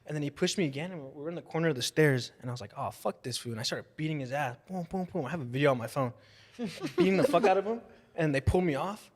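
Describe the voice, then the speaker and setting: A man's voice: fairly high pitch, slightly rough. A young man telling profane party and fight stories on a podcast, acting out what people said. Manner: animated, profane storyteller acting out quotes. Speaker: guest. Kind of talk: casual podcast storytelling. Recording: long room reverb.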